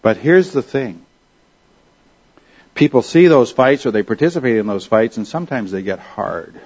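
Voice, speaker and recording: A man delivers a sermon in a mid-pitched voice, earnest and conversational, often pausing to put questions to the congregation. The recording sounds a little dull and lo-fi. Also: expressive, a little mellow, husky. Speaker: pastor.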